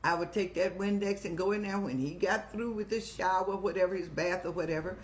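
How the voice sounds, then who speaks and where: A woman's voice: on the low side, a little fast. Older lady hosting an advice stream, motherly and preachy, calls folks child. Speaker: advice show host. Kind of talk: live-streamed advice talk.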